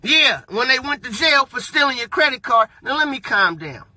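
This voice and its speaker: A man in a profane, mocking rant to his viewers, sometimes bursting into shouts. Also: very high voice, sing-song, normal speed, no echo. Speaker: vlogger. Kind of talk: ranting monologue.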